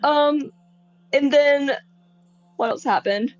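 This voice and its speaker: A woman's voice: high-pitched, takes it slowly, no room sound, muffled recording, faint music behind, pitched above the performer's own voice. A woman voicing a nervous, rambling young man in a tabletop game, talking hesitantly with lots of fillers. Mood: wistful. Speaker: player. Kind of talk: tabletop role-play in character.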